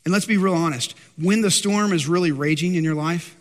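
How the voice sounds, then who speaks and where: High-voiced preacher swinging from loud to hushed. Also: male voice, brisk, big-room sound. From Texas, USA. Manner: rises loud and high on questions, drops soft for stories. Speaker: pastor. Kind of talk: sermon.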